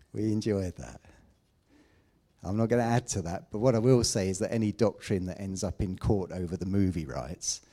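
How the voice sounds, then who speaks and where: A man preaching a sermon, emphatic, with loud declamations and quiet asides. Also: low-pitched, moderate pace, pauses often.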